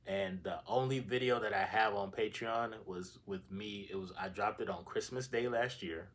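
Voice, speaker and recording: A man's voice: fairly low pitch, normal speed. A young man hosting his own channel, telling a dream story in a slangy, profane, rambling way. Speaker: channel host. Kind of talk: casual storytelling vlog.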